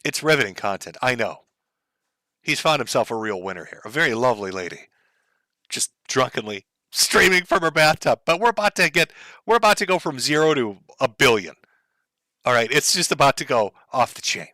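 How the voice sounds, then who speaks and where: Sardonic, lively commentator man. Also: medium pitch, a little fast, dry recording. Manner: profane, mocking, sardonic. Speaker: streamer reacting to clips. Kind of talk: sarcastic commentary over clips.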